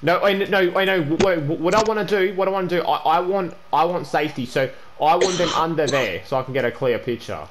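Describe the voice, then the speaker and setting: A man's voice: on the high side, brisk, few pauses, slight background noise. A young man, a gaming YouTuber, chatting casually during an online trade prank, stammering and repeating himself and calling the other player "bro" and "man".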